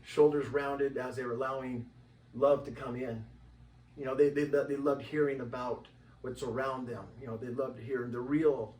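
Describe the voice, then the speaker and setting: A tribal member from Washington State, appearing as an interview guest, tells rambling conversational stories packed with "you know," shifting into a higher pitch to act out other people's voices. His tone is steady and a little mellow at a moderate pace. The distant mic gives a roomy sound with faint ambience and slight background noise.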